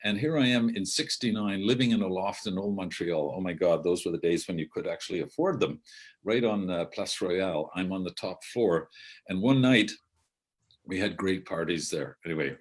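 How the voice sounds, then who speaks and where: Older guy with a really low voice rambling thru old theatre stories, keeps correcting himself. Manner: meandering, with many self-corrections and asides. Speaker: outgoing theatre artistic director. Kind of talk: rambling anecdotal storytelling.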